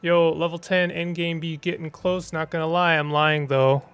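A man's voice: fairly high pitch, flat delivery, moderate pace, a bit bright, clean tone. A man giving casual let's play commentary with joking, sarcastic asides. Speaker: gaming streamer.

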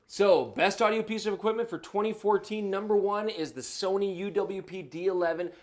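A man's voice: high-pitched, fairly quick, darkish tone. A man co-hosting a camera review show, joking around casually while having a few drinks. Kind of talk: casual product review banter.

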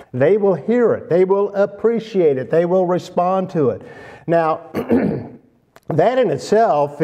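Man preaching a slow, deliberate sermon. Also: a little high, warm tone, dull audio. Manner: slow, deliberate delivery with stressed key words.

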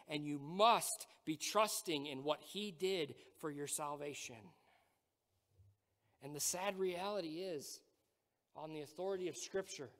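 A man preaching a sermon as pastor, emphatic and repeating his key phrases. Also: on the high side. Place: church sanctuary. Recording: reverberant church hall.

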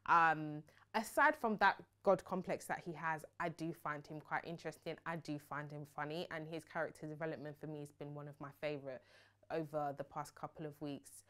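Young woman ranting about reality tv, sassy, smooth voice, does mock voices of people. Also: low-pitched, steady tone, a little fast, fairly bright tone. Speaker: reality TV reviewer. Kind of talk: casual opinionated commentary.

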